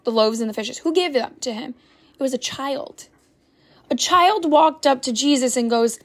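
A woman's voice: sits high, normal speed. A young woman, a stay-at-home mom, giving an earnest, preachy faith-based motivational talk full of rhetorical questions as a podcast host.

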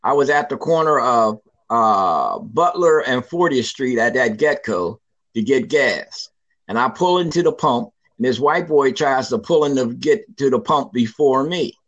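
A man in his sixties telling a personal story in an interview, lively and emphatic, acting out what people said. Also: mid-range voice, unhurried, muffled recording. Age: 60s. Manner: lively, emphatic storyteller who acts out quoted lines.

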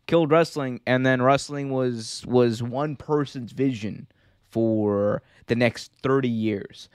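A man's voice: mid-range voice, slow, clean tone, dry recording, studio quality. A man hosting a casual wrestling podcast, talking loosely, rambling and laughing often. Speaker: podcast host.

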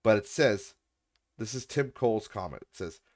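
A man's voice: lowish voice, animated, normal speed, a little mellow. A man hosting a podcast, ranting sarcastically in a casual way and swearing freely. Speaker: podcast host. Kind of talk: casual rant.

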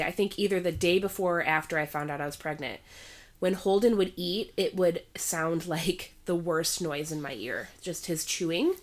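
A young pregnant teacher chats casually with friends in a lowish voice, animated and swearing. When she quotes people, she jumps into raised voices.

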